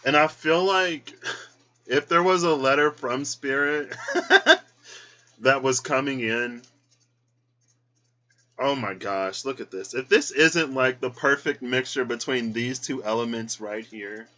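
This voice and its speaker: Emotional and choked up, this tarot reader chats in a vlog and breaks into high-pitched squeals quoting how he reacted. His delivery is slow with long pauses and a sharp tone, recorded with lo-fi sound.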